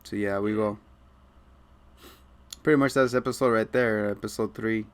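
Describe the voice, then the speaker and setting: A man's voice: on the low side, steady tone, moderate pace. A man co-hosting a casual podcast who recaps a TV episode in a loose, joking way, swearing and acting out the characters. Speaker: podcast co-host.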